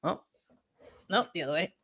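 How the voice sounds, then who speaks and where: A woman's voice: normal speed, fairly bright tone. A woman co-hosting a casual morning talk show over a video call. She tells a long personal story, laughs often and acts out the other people in it. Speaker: co-host.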